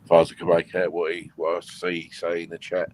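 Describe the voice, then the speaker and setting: A man's voice: sits low, monotone, a little fast, darkish tone, a little hiss or hum. A man in a casual online group chat, talking in an easygoing, hesitant way.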